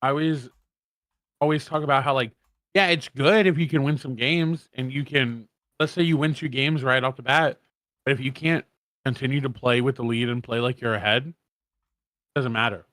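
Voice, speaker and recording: A man's voice: mid-range voice, moderate pace, a bit bright, no room sound. A man co-casting an esports watch party, rattling off standings and stats with casual asides. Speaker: co-caster.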